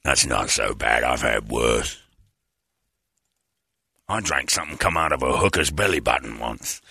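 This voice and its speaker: A man voicing a worn-out old male rock guitarist in a low, gravelly, slurred mumble. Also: lively intonation, measured pace, pushed and bright, exaggerated voice.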